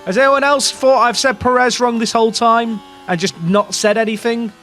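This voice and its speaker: A man's voice: very high-pitched, steady tone, moderate pace, a bit bright. A young English man casually commentating a racing management game, rambling and questioning himself as he talks to his chat. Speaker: gaming streamer.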